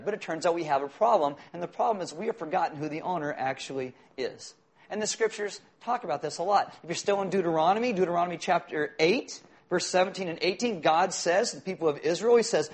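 A middle-aged male pastor giving a sermon in a conversational, joking way, asking the congregation questions. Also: high voice. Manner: conversational, jokey preaching with audience questions.

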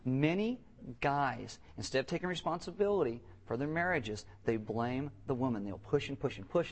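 A man preaching to his church with lively, joking energy. He keeps slipping into little voices to act out the quotes he reads and tells. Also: medium pitch, brisk. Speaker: pastor. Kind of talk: sermon.

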